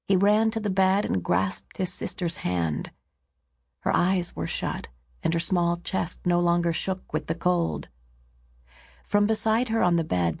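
Woman reading an audiobook, slow and measured, creaky, dry close sound. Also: lowish voice, darkish tone, no echo. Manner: measured, storytelling. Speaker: narrator. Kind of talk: audiobook narration.

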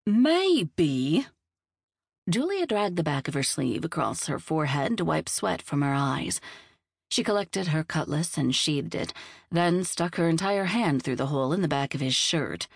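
A woman reading a novel aloud in measured, even storytelling. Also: deep voice, gravelly, no echo, studio quality. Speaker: audiobook narrator. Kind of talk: scripted narration of a novel.

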